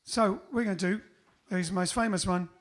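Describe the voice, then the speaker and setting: A man's voice: high voice, moderate pace. A man hosting a band livestream, chatting casually between songs with rambling, joking asides.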